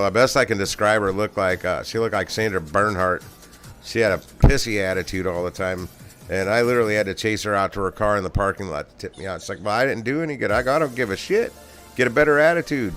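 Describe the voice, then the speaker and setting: A middle-aged man with a fairly low voice spins long, rambling bar stories in a loose, profane way. He laughs a lot between lines, and faint music plays behind him. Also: a bit bright. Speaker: live stream host. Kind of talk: casual storytelling.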